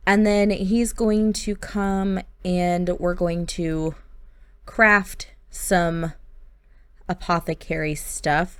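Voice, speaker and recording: A woman narrating life-sim gameplay as a story in a gentle, sympathetic way. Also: mid-range voice, no echo. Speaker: game storyteller.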